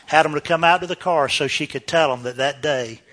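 Preacher guy telling a story, laughs a lot, gets loud then quiet, high bright voice. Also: fairly quick. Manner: animated, laughing, shifts between loud and hushed. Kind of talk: storytelling sermon.

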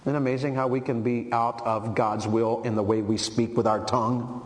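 A man preaching a sermon to a men's meeting, firing rhetorical questions and building to forceful emphasis. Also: medium pitch, steady tone, moderate pace. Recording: echoey hall with long reverb and faint noise.

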